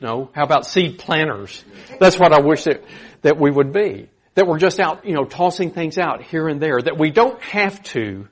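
A man preaching a sermon in an earnest, conversational way, with animated emphasis. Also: on the high side.

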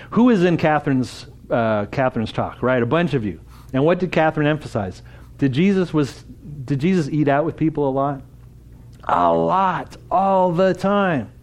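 A man's voice: medium pitch, darkish tone. A man giving an interactive church talk at a conference, speaking casually and putting questions to the audience. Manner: conversational, asks the audience questions.

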